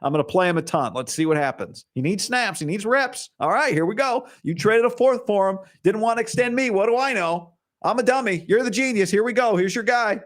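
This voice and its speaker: A man's voice: high voice, animated, brisk, hardly any pauses, voice pushed up. A man putting on the voice of a sarcastic, fed-up male football coach, mocking and exasperated. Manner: mocking, exasperated, sing-song.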